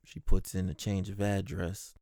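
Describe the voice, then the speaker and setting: A man's voice: low voice, flat delivery, moderate pace, gravelly, dark tone, no room sound, clean studio sound. A man who works as a postal clerk, casually telling stories from his workday, swearing freely and mimicking the people he describes.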